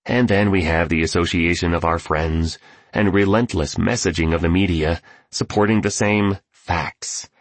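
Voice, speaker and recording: A man's voice: low voice, steady tone, moderate pace, dry recording. A man voicing an earnest female entrepreneur who makes her points in an emphatic way.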